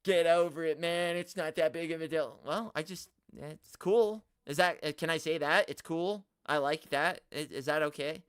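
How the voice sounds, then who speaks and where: A man hosting a live stream, ranting at the chat in an animated, exaggerated way and swearing often. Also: fairly high pitch, normal speed, hardly any pauses, clean tone, no room sound, studio quality. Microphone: studio mic, no camera.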